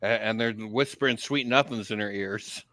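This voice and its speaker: Male co-host, bright edge in his voice, quick to mock, casual commentary. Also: fairly low pitch. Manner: joking, mocking. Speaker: co-host reacting to a clip.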